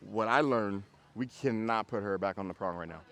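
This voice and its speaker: A man working as a dog trainer, coaching casually outdoors on a walk, animated and often repeating himself as he acts out little scenes. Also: fairly low pitch, a little fast.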